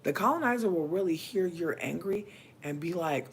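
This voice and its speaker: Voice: medium pitch, lively intonation, brisk, slight background noise. Impassioned, profane livestream host. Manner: impassioned and preachy, profanity-laced; addresses viewers and chat directly. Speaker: livestream host giving readings. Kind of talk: casual livestream monologue.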